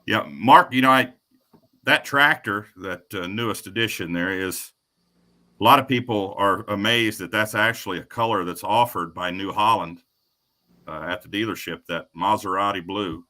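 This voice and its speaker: A man's voice: fairly low pitch, moderate pace, pushed and bright. A man from the Kentucky area hosting a casual livestream interview, easygoing and folksy. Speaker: livestream host.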